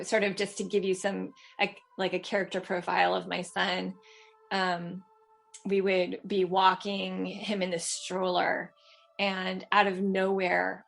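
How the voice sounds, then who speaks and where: A woman in her thirties from Los Angeles calls in to tell a personal story. She talks in a loose, chatty way, with frequent fillers and restarts, and her pitch sits in the middle. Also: creaky. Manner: chatty, many fillers and restarts, laughs often. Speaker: caller sharing a story. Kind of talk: casual storytelling.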